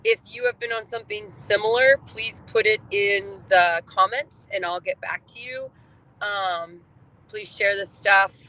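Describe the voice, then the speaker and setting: A woman talking openly and warmly about her life in a candid personal vlog, chatty and heartfelt, with plenty of fillers, recorded inside a car. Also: medium pitch, steady tone, measured pace, low-quality recording. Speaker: vlogger sharing her health journey.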